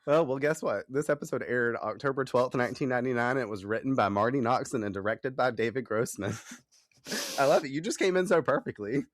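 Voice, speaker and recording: A young man co-hosting a casual podcast, animated and giggly, swearing casually as he chats. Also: mid-range voice, a little fast, no room sound. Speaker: podcast co-host.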